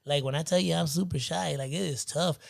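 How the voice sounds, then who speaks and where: A man with a slightly high voice tells animated stories, slipping into the voices of the people in them. He keeps it loose and chatty, calling his friends "bro" as he goes. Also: fairly quick, creaky. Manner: animated storyteller acting out quoted voices, says "bro" often. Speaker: guest DJ. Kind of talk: casual storytelling chat. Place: nightclub.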